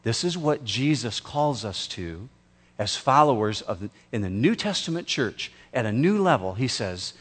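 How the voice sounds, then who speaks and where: A man preaching a sermon as pastor, slow and emphatic, with dramatic pauses. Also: medium pitch, sing-song, a bit bright, slightly rough.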